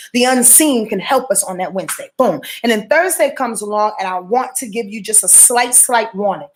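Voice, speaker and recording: A woman with a medium-pitched voice hosts a live astrology stream, addressing viewers in a preachy, slangy, emphatic style and swearing freely. She repeats and restarts words and fills gaps with lots of filler sounds, over a slight hiss or hum.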